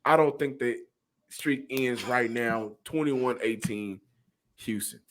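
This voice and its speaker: A man's voice: medium pitch, takes it slowly. A man co-hosting a sports podcast who talks hesitantly, with frequent stammering restarts. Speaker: podcast co-host. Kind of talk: casual sports chat.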